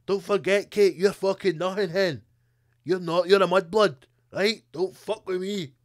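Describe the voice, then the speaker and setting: A man's voice: sits low, fairly even intonation, moderate pace, fairly bright tone, breathy edge, no room sound, clean studio sound, voice pushed down. A Scottish man putting on a crude, bullying young royal husband, grumbling and ranting at his wife.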